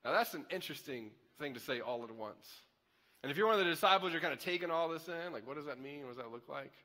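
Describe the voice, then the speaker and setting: A man preaching a sermon as pastor, conversational and animated, with chatty asides. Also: a little high, quick pace. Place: church auditorium. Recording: echoey hall.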